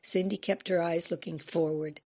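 A woman narrates a dramatic novel in a steady, even voice. Her pitch sits slightly low for a woman. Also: normal speed. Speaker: audiobook narrator. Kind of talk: scripted narration.

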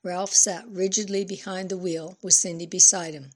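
Audiobook narrator, woman, steady and low. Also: normal speed. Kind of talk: scripted narration.

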